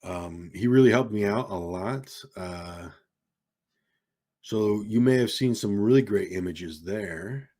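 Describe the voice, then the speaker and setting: A man's voice: on the low side, slow, dark tone. Rambling man chatting on a livestream. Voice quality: rambling, many ums and uhs. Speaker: livestream host. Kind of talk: casual livestream chat. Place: home streaming setup in California. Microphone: desk microphone with keyboard behind it.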